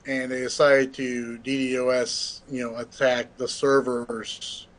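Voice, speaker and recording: A man's voice: medium pitch, little pitch movement, a little slow. Laid-back middle-aged man rambling on a podcast. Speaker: podcast co-host. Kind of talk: casual gaming podcast chat.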